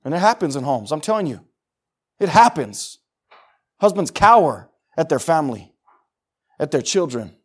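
A man's voice: a little high, very animated, normal speed, long pauses, husky. A middle-aged man preaching a sermon in an emphatic, conversational way, often repeating phrases for stress. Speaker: pastor.

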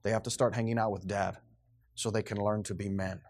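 A man's voice: on the low side, a little fast. A man, preaching a blunt, emphatic sermon as pastor. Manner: blunt, emphatic preaching, grows loud and animated.

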